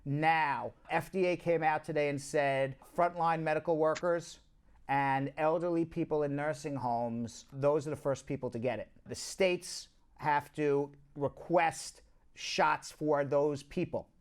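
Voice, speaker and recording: A man with a Long Island accent hosting a casual news rundown, chatty and prone to asides to his co-hosts. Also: fairly high pitch. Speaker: host, immigration news show.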